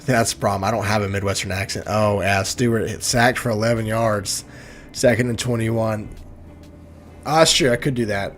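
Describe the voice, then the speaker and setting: A man's voice: on the low side, steady tone, moderate pace, a bit bright, soft background music. A young man from Oklahoma doing joking play-by-play commentary on a video game football league, often laughing and stumbling over names.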